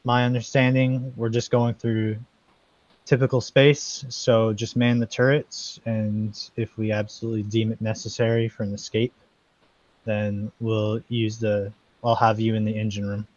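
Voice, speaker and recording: A man's voice: fairly low pitch, flat delivery, unhurried, a little mellow, dry recording. A man playing a tabletop game as a senator character, casual and dry-humored. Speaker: player. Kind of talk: in-character role-play chat. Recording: dull, lo-fi mic, dry.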